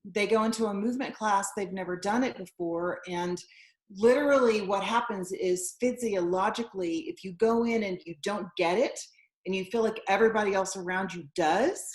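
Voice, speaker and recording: A woman's voice: mid-range voice, normal speed. A woman guest who runs a yoga studio, explaining things earnestly in a casual interview. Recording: echoey room.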